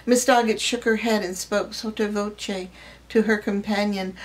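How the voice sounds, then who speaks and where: A woman reading a short story aloud, in measured, expressive storytelling. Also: medium pitch, rough recording. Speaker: reader.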